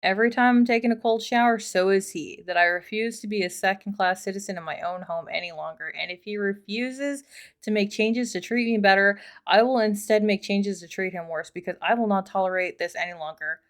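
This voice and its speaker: A woman's voice: mid-range voice, fairly even intonation, brisk. A woman reading online posts aloud and commenting on them in a chatty way. She talks casually, trails off into asides and swears freely.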